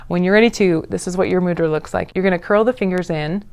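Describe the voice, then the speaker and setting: A woman teaching a yoga breathing practice in a casual, encouraging way, with playful asides and breathy demonstration sighs. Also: lowish voice, darkish tone. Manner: breathy sighs and drawn-out ahs while demonstrating. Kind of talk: guided yoga class instruction.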